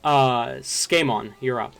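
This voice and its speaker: A man runs a tabletop game as game master, narrating at an unhurried pace. He fills his sentences with ums and uhs, and soft music plays faintly behind him. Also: medium pitch, creaky, clean tone.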